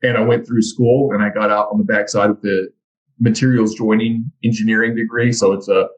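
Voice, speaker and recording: A man talks through his career as a podcast guest, plain and unhurried. His voice sits on the low side. He sounds like an easygoing expert. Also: flat delivery, rough recording. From Texas. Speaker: guest, trade instructor. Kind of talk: conversational interview.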